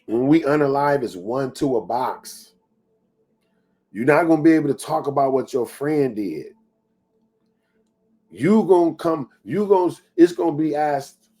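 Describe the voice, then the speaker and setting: Husky-voiced man giving a motivational talk. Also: lively intonation, unhurried, mellow. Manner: emphatic preaching with repetitions; drops to a low whisper acting out inner doubts. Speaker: motivational speaker.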